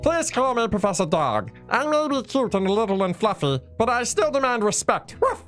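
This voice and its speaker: A man's voice: very high-pitched, very animated, moderate pace, fairly bright tone, soft background music, voice pushed up, heavily acted. A man voicing a small, fluffy male dog professor in a game read-aloud, prim and self-important.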